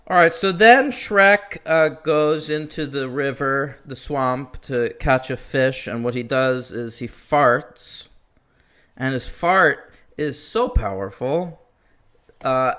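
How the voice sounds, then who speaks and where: Male podcast co-host, crude jokester, bright tone, lively pitch. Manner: jokey, animated, crude humor. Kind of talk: casual chat.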